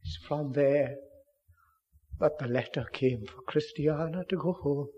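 A man preaching a sermon with earnest pleading, swinging from loud declarations down to hushed near-whispers. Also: on the high side, a little slow, breathy edge, highs cut off.

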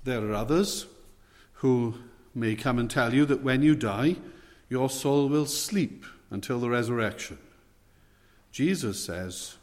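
Male preacher, sermon delivery, measured and emphatic, long hall reverb. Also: medium pitch, lively intonation, darkish tone. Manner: measured, emphatic preaching with slow stressed phrases.

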